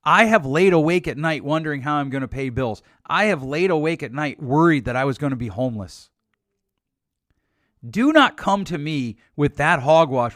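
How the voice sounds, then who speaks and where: Middle-aged man, blunt, emphatic, podcast advice talk, slightly high voice, dry close sound. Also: expressive, normal speed, fairly bright tone, dry recording. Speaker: podcast host. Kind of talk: solo relationship advice podcast.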